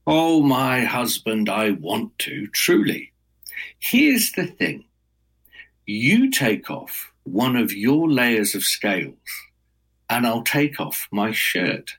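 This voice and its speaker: A man's voice: medium pitch, sing-song, slow, a bit bright, breathy edge, heavily acted. A man voicing a sly young shepherdess bride, speaking in a teasing, sing-song coaxing way as he tells a folk tale.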